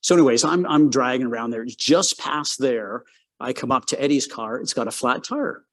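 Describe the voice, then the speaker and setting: The guest is a Canadian man in his sixties, a former race car driver, speaking at medium pitch and moderate pace. His casual anecdotes run long and rambling, packed with "um"s, and he grows livelier when he acts out the exchanges.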